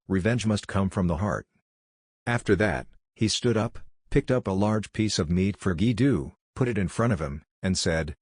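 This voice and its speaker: Male narrator, very low voice, dry close mic, flat recap read. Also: no room sound.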